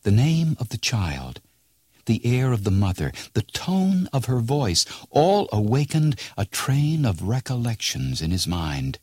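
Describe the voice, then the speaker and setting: A man narrating a classic tale in an expressive, measured storybook reading. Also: mid-range voice, breathy edge, no echo, studio quality.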